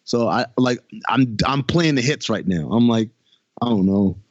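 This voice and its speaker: A man's voice: medium pitch, moderate pace, dry recording, lo-fi sound. A man co-hosting a podcast, ranting in casual chat about a TV show with exasperated, mocking asides. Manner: animated, exasperated ranting with mock quotes. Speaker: podcast co-host.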